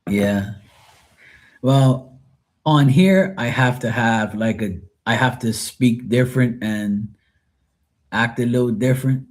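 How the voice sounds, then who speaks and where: A Bermudian man with a Bermudian accent chats casually and rambles to viewers of his live tarot stream. He speaks slowly in a mid-range voice, pausing often.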